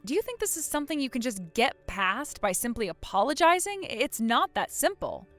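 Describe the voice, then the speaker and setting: A woman's voice: high-pitched, sing-song, moderate pace, a bit bright, soft background music. A woman voicing a cold, furious young wife who scolds her sister-in-law without mercy. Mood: stern. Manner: stern, scolding, unforgiving.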